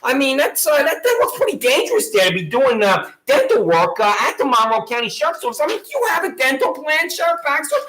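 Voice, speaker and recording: A woman with a Long Island accent mocks her targets in a lively, high voice that swoops up and down. Her taunts come back again and again, and the room around her rings with echo. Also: quick pace, few pauses, a little hiss or hum. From Long Island, New York. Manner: sarcastic, taunting, repetitive. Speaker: vlogger. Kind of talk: mocking direct-address rant. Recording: echoey room.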